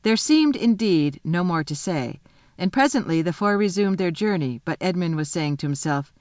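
A woman reading a children's novel aloud in a lively, expressive storytelling manner. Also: fairly low pitch, moderate pace, dry recording, studio quality. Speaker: reader.

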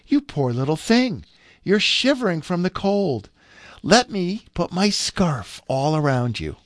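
A man voicing a kind, gentle young princess in a storybook reading, speaking in a soft, pleading way. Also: high voice, very animated, a little slow, dry recording, clean studio sound, pitched above the performer's own voice.

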